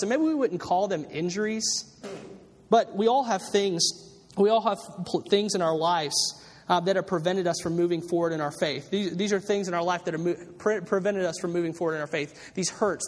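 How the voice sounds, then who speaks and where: A man preaching a sermon as a pastor, telling a story loosely with many fillers and restarts. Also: high-pitched. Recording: long reverb of a large hall.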